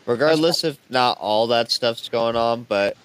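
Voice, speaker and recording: A man's voice: medium pitch, measured pace, a bit bright, clear, resonant tone. A young man co-hosting a podcast, joking around and slipping into silly voices in casual banter. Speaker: podcast co-host.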